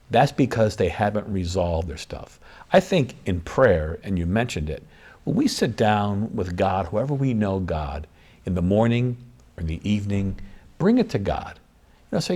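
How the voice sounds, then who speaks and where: Low-voiced male priest, guest spot, earnest, repetitive preacherly cadence. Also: lively intonation, normal speed, darkish tone. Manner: earnest, preacherly, builds emphasis through repetition. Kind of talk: interview talk about forgiveness.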